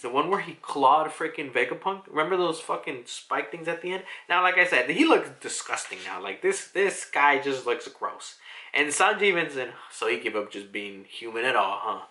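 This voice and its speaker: Excitable, foul-mouthed young-sounding man. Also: on the high side. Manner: excitable, profane, rambling. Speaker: manga reviewer. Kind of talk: casual video review.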